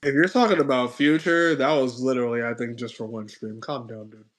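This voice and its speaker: A man's voice: medium pitch, fairly even intonation, a little fast, fairly bright tone. Rambling man hosting a stream. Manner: rambling, hedging, unsure. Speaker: streamer host. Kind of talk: casual chat.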